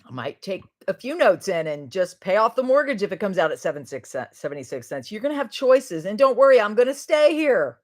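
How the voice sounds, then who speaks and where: A woman's voice: medium pitch, very animated, fairly quick, few pauses, a little mellow. A middle-aged woman chats casually on her livestream as the host. She talks in a loose, rambling way, laughs often and lets her sentences trail off before starting new ones.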